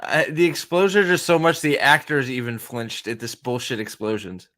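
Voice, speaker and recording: A man's voice: mid-range voice, steady tone, normal speed, fairly bright tone. A young man hosting a show review, giving profane, exasperated, sarcastic reaction commentary as he watches an episode.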